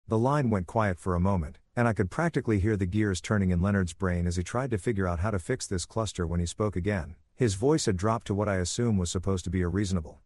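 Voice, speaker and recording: A man with a lowish voice tells a first-person story in a calm, even, soothing way. The sound is dry and close, with no room around him. His delivery is steady and scripted. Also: fast talker, hardly any pauses, no room sound.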